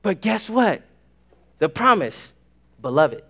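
A young man preaching a sermon, excitable, swinging from hushed asides to shouted exclamations. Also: a little high, moderate pace.

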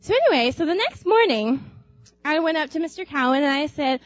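A young woman telling a personal anecdote aloud in an animated way, laughing often and acting out screams. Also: high-pitched, brisk, dull audio, soft background music. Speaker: storyteller.

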